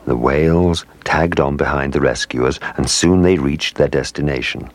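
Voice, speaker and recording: A man narrating a children's story with expressive storytelling. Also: rumbling low, moderate pace.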